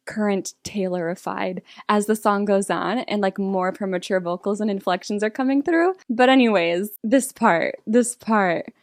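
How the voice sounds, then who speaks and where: A woman chatting excitedly and laughing as she reacts to an album. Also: medium pitch, moderate pace, few pauses, dry recording, studio quality. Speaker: music reaction streamer. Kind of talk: casual reaction commentary. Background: faint pop music.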